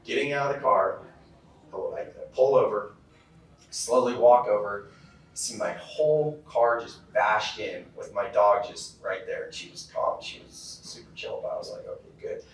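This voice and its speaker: A man's voice: on the low side, a little slow. Casual male keynote speaker in an echoey hall. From California. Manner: casual storytelling with many fillers. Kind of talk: motivational keynote talk. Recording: very echoey hall, heard from far off.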